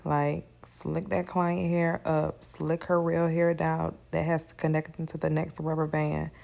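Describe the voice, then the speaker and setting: A woman's voice: deep voice, flat delivery, a little slow, creaky, darkish tone. A tired woman giving a casual, chatty hair braiding tutorial, talking her viewers through each step. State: tired, yawning.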